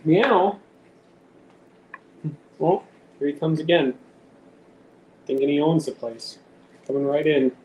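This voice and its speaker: A man with a fairly high, dark-toned voice chats casually while live streaming from home, teasing his cat and talking to it in baby-talk. His intonation stays fairly even, his pace is moderate, and he pauses often. The room is echoey, with faint background noise.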